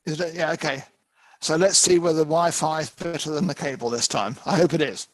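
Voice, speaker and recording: A man's voice: fairly high pitch, steady tone, a little fast, no room sound, poor audio. English man lecturing over a video call. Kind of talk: online lecture.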